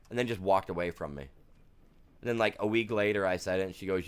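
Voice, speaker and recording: Low-voiced rambling American man streaming. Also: steady tone, quick pace, clean tone. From United States. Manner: rambling, storytelling, self-deprecating. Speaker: game streamer. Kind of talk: casual live-stream chat.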